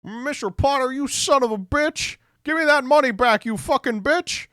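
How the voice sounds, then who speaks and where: A man voicing a furious, desperate young family man who shouts and curses. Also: extremely high pitch, moderate pace, clean tone, no echo, clean studio sound, voice pushed up. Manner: shouting, cursing.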